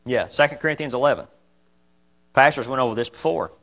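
A man preaching a sermon, impassioned and folksy, repeating key phrases and swinging from loud emphasis to quiet asides. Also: mid-range voice, brisk.

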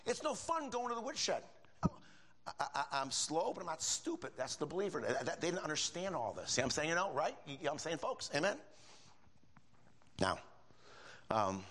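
An older man delivers a sermon with a lively, swooping voice that jumps up high for emphasis. He talks in a folksy, conversational way, full of asides to his listeners. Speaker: preacher.

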